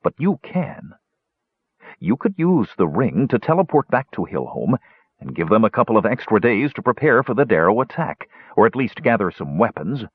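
A man's voice: on the low side, big pitch swings, moderate pace, breathy edge, no echo, voice pushed up. A man voicing a stubborn older male dwarf leader in an audiobook, blunt and determined. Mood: urging. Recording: dull, dry lo-fi recording.

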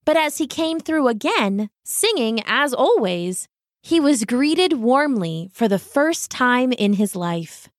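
Expressive, slow woman storyteller. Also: on the high side, no echo, clean studio sound. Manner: expressive, gentle, unhurried. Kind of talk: scripted storybook narration.

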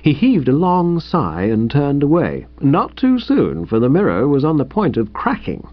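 A man's voice: on the high side, huge pitch swings, a little slow. A man reading a comic first-person story in a breezy, chatty way. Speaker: audiobook reader. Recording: dull dry recording.

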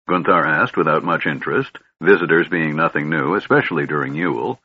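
A man narrating a fantasy audiobook in a steady, measured storytelling manner, with a husky voice. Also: very deep voice, lo-fi sound. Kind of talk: scripted narration.

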